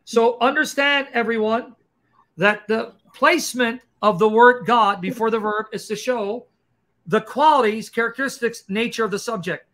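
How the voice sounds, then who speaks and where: A man hosting a livestream Q&A and explaining grammar point by point in a fast, emphatic, combative lecturing style. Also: very high voice, a bit bright. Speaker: Christian apologist host. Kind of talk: livestream teaching Q&A.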